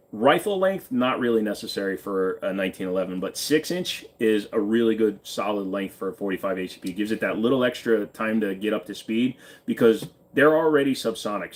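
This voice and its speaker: A man from Virginia casually answering live chat questions, offhand and swearing freely, while sitting in a friend's pawn shop. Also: lowish voice.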